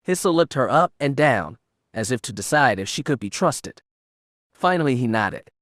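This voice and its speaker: A man's voice: mid-range voice, sing-song, moderate pace, no room sound. Male audiobook narrator, dry close sound. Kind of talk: scripted narration.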